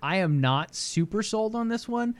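A man's voice: high-pitched, expressive, normal speed. Chatty man talking gaming news. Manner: chatty, speculative, thinks aloud. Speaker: podcast co-host. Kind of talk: casual gaming chat.

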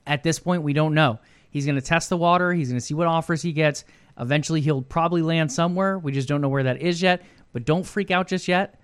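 A man co-hosts an esports news segment and works through each point in a measured, explaining manner. His voice sits a bit high for a man. The recording is dry and close. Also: smooth, dry recording. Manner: measured, explanatory, asks rhetorical questions. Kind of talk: casual esports news discussion.

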